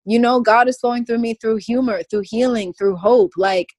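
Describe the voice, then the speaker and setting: A woman's voice: on the high side, moderate pace, darkish tone, no echo. A woman speaking as a podcast guest in casual conversation, emphatic and goofy, often breaking into laughter.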